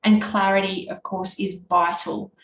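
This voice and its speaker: A woman's voice: mid-range voice, a little slow. Nasal Australian woman giving a workshop talk. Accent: Australian East Coast. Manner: can be monotone; conversational, with fillers and restarts. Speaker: workshop presenter. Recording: echoey room with faint background noise.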